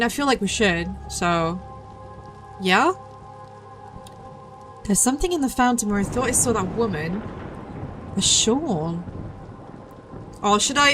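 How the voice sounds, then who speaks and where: A woman's voice: medium pitch, fairly bright tone. A young adult woman streaming a game, chatting casually, reading game text aloud and joking about herself. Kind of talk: casual gameplay commentary.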